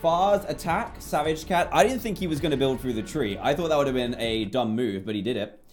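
A man's voice: mid-range voice, lively intonation, brisk, faint music behind. A young British man chatting while streaming a game live, reading out donors' names and apologising often.

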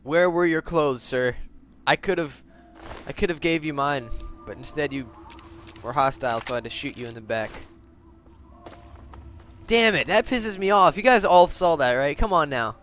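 A young man commenting on a video game into a headset mic at home, excitable and profane, sometimes bursting into yells. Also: on the high side. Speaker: gaming commentator. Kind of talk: let's play commentary.

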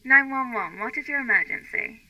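A woman putting on a bright, brisk dispatcher. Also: high-pitched, lively intonation, dry recording, pitched above the performer's own voice, exaggerated voice, poor audio. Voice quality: clipped, businesslike. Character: brisk female emergency dispatcher.

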